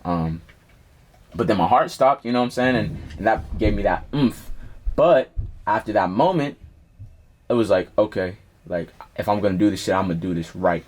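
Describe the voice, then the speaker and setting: Speaking at a normal speed in a lowish voice, a young male rapper recounts something personal during a relaxed interview. He's a lively storyteller, heavy on slang and profanity.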